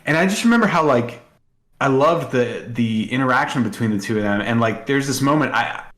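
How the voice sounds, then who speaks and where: A man's voice: mid-range voice, expressive, fairly quick, a bit bright, reverberant, slight background noise. A man co-hosting a podcast, chatting casually and emotionally with many fillers. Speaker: podcast co-host. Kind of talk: casual chat.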